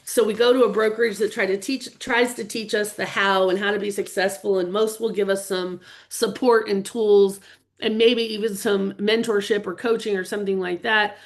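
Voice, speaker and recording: A woman's voice: mid-range voice, steady tone, moderate pace. An earnest middle-aged woman leads a live online session for real estate agents. She speaks with open feeling and talks straight to her viewers. Her voice comes through a computer webcam mic. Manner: earnest and openly emotional, chatting with viewers. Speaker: real estate business coach hosting a webinar. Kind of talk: live webinar presentation.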